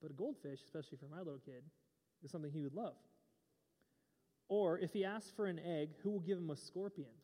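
A man's voice: fairly high pitch, a little fast, long pauses, dark tone. A young man giving a casual sermon, preaching in a conversational, joking way with playful asides. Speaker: pastor. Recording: long hall reverb.

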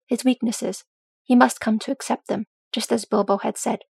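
Woman reading an audiobook with a gravelly voice. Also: on the high side, fairly even intonation, normal speed, a little mellow, no echo. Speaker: audiobook reader. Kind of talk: fan fiction audiobook narration.

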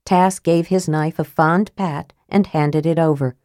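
A woman narrates a fantasy audiobook in a low, mellow voice with a steady storytelling pace. The recording is close and dry, with no room sound. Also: measured pace, hardly any pauses, dry recording. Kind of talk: scripted narration.

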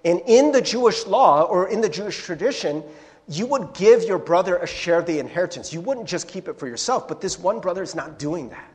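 Man, pastor, sermon, high voice, conversational then emphatic, reverberant hall. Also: brisk. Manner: animated, conversational preaching with fillers and rising emphasis.

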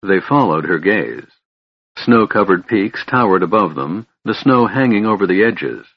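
Husky low-voiced male narrator. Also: expressive, unhurried, dry recording, muffled recording. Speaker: audiobook narrator. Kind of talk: scripted fantasy narration.

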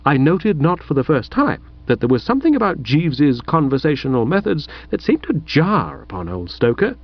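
Lively male audiobook narrator. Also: fairly high pitch, moderate pace. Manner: expressive, lively reading with shouted character lines. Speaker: audiobook reader. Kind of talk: scripted narration. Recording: dull dry lo-fi recording.

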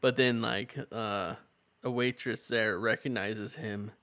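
A man's voice: on the low side, takes it slowly, dry recording. A man co-hosting a comedy podcast, reading a romance adventure aloud with playful asides and frequent laughter. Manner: animated, laughs often, playful character quotes. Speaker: podcast co-host reading a choose-your-own-adventure book. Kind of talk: casual comedic chat.

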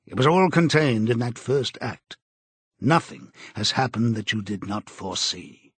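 A man voicing a cold, commanding male interrogator who speaks in a slow, measured, contemptuous way, with a husky voice. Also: medium pitch, lively intonation, no room sound.

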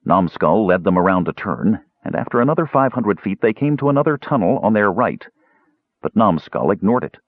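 A man with a husky voice narrating a fantasy audiobook in a measured, expressive way. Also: fairly low pitch, no room sound, narrow, tinny audio.

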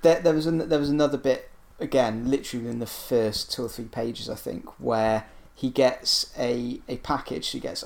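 A man co-hosting a podcast, chatting about books and shows and quick to jump in and argue a point. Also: medium pitch, fairly even intonation, gravelly, darkish tone. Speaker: podcast co-host. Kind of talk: casual book discussion.

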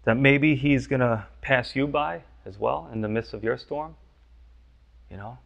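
Male pastor, casual preaching with lots of "you know", gravelly tone, muffled recording. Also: mid-range voice, unhurried. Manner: conversational, frequent "you know" and "right?". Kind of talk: sermon.

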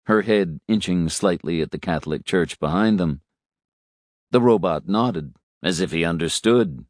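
A man doing scripted narration of a story in a slow, deliberate reading. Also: deep voice, no room sound, studio quality.

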